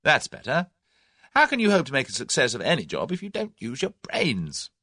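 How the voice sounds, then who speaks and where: A man's voice: mid-range voice, wildly swooping pitch, brisk, pushed and bright, no room sound, studio quality, voice pushed up, heavily acted. A man voicing a brash young Englishman who keeps airy and confident under threat. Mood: cocky.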